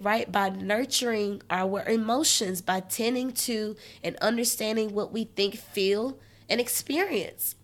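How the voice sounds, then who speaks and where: A woman with a slightly high voice talks straight to her listeners in a solo podcast. She coaches them in an emphatic, conversational way and circles back over the same points. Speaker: podcast host. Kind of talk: motivational solo podcast talk.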